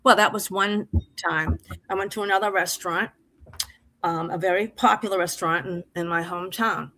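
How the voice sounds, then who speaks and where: A woman's voice: fairly low pitch, steady tone, moderate pace, pushed and bright, low-quality recording. A middle-aged woman from Massachusetts, telling a personal story on an open mic stream in an emphatic, heartfelt, rambling way.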